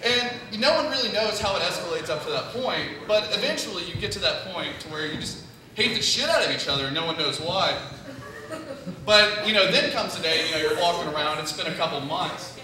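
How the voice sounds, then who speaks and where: On a comedy club stage, a nervous first-timer from Tennessee rambles through his set, leaning hard on "you know." He talks a little fast in a high, lively voice, picked up far off in an echoey room where the audience can be heard laughing.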